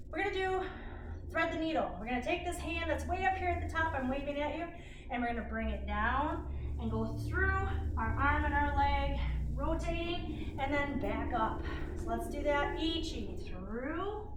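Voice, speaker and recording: A middle-aged woman leading a kids' exercise class, encouraging and counting reps aloud. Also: high-pitched. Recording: roomy, distant, faint noise.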